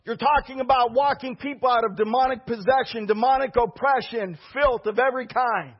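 Husky high-voiced preaching man. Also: fairly quick, lo-fi sound. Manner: impassioned preaching, swinging from loud to hushed. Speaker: pastor. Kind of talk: sermon.

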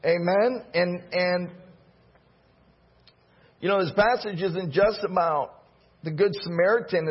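A man's voice: high voice, slightly rough, lo-fi sound. A man preaching a sermon as pastor and leading a prayer, earnest and emotional, rising in intensity. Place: church.

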